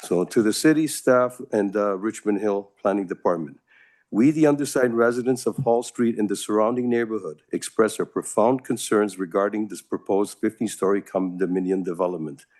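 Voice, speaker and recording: A man's voice: on the low side, normal speed, darkish tone. A man presenting a petition to city council in a formal, prepared manner. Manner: formal, reading a prepared text. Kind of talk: formal public address.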